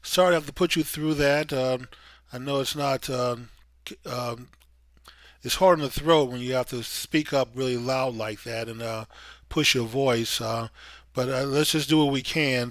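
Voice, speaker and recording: A man's voice: medium pitch, a bit bright, no room sound. Male talk show host, easygoing and hesitant, dry close studio sound. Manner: easygoing, hesitant, many fillers. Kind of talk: casual talk show hosting.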